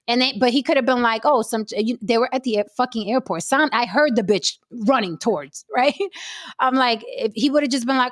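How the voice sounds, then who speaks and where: A woman co-hosting a podcast, telling stories in a brash, profane, animated way. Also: on the high side, a little fast, no echo, clean studio sound. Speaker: podcast co-host. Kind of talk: casual podcast chat.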